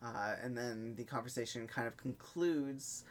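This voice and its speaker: A man's voice: mid-range voice, measured pace. Male podcast co-host recapping plot. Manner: steady plot recap with many "uh" and "um" fillers. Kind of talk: casual chat recapping a TV episode.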